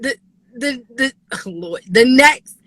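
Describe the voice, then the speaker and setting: Expressive high-voiced woman caller. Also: takes it slowly, no room sound. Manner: emphatic, laughs between points.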